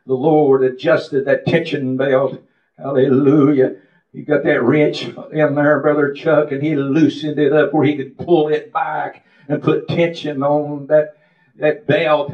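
Fervent preacher man, echoey lo-fi. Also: fairly high pitch. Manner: fervent, confessional preaching, calling out to congregation members. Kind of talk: sermon. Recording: echoey, dull lo-fi room recording.

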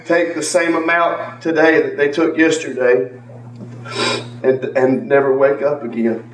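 A man's voice: mid-range voice, flat delivery, measured pace, a little hiss or hum. A man giving an earnest church testimony, repeating phrases and calling on members of the congregation by name. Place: church sanctuary. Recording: echoey church from far off with faint ambience.

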